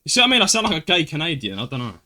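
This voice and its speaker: A young British man hosting a podcast, excitable and teasing in casual chat. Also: a little high, very fast. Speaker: podcast host.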